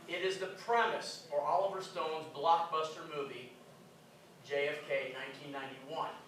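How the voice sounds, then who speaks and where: Man, conference lecture, high bright voice, emphatic, rhetorical questions. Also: steady tone, moderate pace, slight background noise. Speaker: conference speaker. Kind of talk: lecture to a live audience. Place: conference hall. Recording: echoey hall, distant mic.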